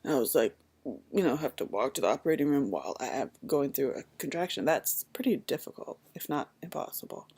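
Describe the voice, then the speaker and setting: A woman's voice: very deep voice, a little fast, slightly rough. A woman in her thirties, casually telling her birth story and acting out the voices of the people in it. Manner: animated, acts out voices in quoted lines.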